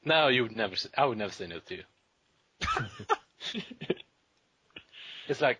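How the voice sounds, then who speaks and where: Husky, animated young man joking around. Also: medium pitch, a little slow, long pauses, no room sound. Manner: jokey, puts on silly foreign voices. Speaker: podcast co-host. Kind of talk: casual comedic banter.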